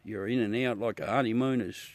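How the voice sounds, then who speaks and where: A man's voice: fairly low pitch, fairly even intonation, fairly quick, dry recording. An Australian man hosting a livestream, chatting casually with viewers in a rambling, easygoing way, laughing at his own jokes. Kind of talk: casual live chat. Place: at home beside a telescope.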